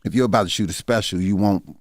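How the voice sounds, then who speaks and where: A man in his fifties, a comedian guest on an interview show, talking candidly in a halting, reflective way with many fillers and restarts. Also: on the low side, dry recording, studio quality. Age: 50s.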